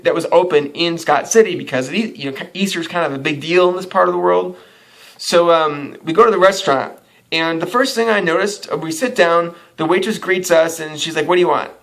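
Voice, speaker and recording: Man, vlogger storyteller, slightly high voice, chatty, laughs at his own anecdotes. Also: a bit bright. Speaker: actor and model vlogger. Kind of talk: casual storytelling vlog.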